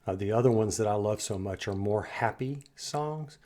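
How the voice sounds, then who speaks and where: Low-voiced man in admiring reflection. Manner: reflective and admiring, trailing off into soft pauses. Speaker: music reaction host. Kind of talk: casual reaction commentary.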